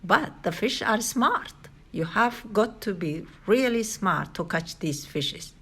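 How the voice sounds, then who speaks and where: A woman's voice: mid-range voice, expressive, slow, a bit bright, husky, exaggerated voice. A woman voicing an emphatic, protective father in a read-aloud storybook. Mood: instructive. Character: bossy outdoorsy father, loud and protective.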